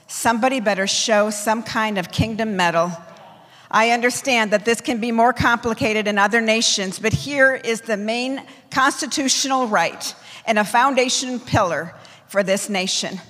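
A woman apostle preaching a forceful, declamatory sermon to her church, driving home her points in emphatic lists. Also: medium pitch, moderate pace, long reverb tail.

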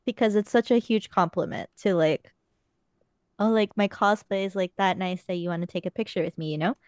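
A woman's voice: mid-range voice, a little fast, a little mellow, clean tone, no echo, studio quality. A young woman on a podcast, casually telling stories in a chatty way with some swearing. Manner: chatty storytelling, frequent swearing. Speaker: podcast host. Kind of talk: casual chat.

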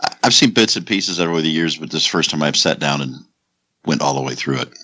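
A man's voice: rumbling low, animated, fast talker, bright, forceful tone, dry recording. A man co-hosting a movie podcast with folksy humor. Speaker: podcast co-host. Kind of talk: casual podcast chat.

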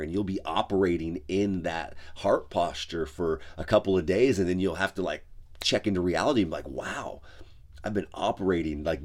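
A pastor with a very low, darkish voice discusses his faith in easygoing devotional podcast talk. His delivery is loose and conversational, sprinkled with "like" and "you know," more chat than pulpit sermon.

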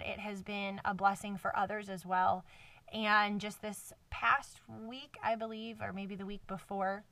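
A woman's voice: mid-range voice, fairly bright tone, no room sound, distant mic. Woman, faith podcast host, effusive and emotional, dry sound, slightly off-mic. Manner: earnest, effusive, with many fillers. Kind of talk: casual faith podcast monologue. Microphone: microphone in a cardboard box.

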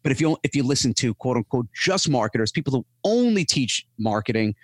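A man guest on a podcast, talking casually and telling animated stories, acting out other people in raised voices. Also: mid-range voice, a little fast, no room sound. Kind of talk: casual interview chat.

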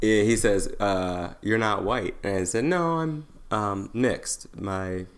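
A man's voice: on the low side, slow. A man co-hosting a casual chat, telling anecdotes and acting out the people in them. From United States. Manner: animated storyteller, acts out the people in his anecdotes.

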